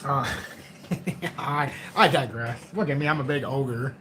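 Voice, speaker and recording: A man's voice: medium pitch, a little slow, a bit bright, slight background noise. A man in his forties hosting a crypto livestream, chatting casually in a rambling, joking, self-mocking way. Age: 40s.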